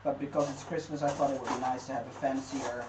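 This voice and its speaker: A woman chats easily as she cooks, reading out viewer messages and laughing along. Her voice comes from across a kitchen, sounding distant and roomy. Pots, dishes and drawers clatter clearly behind her. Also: extremely low pitch, fairly even intonation, fast talker, noisy background. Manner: chatty, reads chat aloud, laughs easily. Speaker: livestream co-host. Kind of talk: casual chat while cooking. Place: home kitchen. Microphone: distant room mic. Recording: echoey kitchen from far off, clattering pans.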